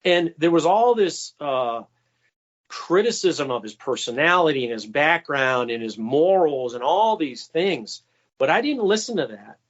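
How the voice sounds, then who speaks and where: A man recounts behind-the-scenes stories as an interview guest, chatty and anecdotal. His voice sits a little high for a man. The audio is dull and lo-fi. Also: big pitch swings, measured pace. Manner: anecdotal, acts out quoted voices with raised pitch. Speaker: guest, former White House stenographer. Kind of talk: storytelling interview answers.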